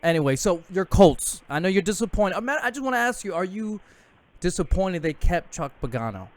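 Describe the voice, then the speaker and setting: Young male host, chatty and joking, slightly high voice, dry close sound. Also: sing-song, a little fast, no room sound. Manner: joking, laughs often, chatty. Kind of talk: casual sports call-in show.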